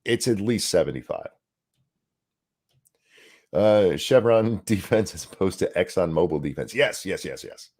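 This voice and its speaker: A man co-hosting a casual podcast chat, animated and profane, tripping over words as he reads viewer comments aloud. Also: low-pitched, a little slow, long pauses. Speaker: co-host.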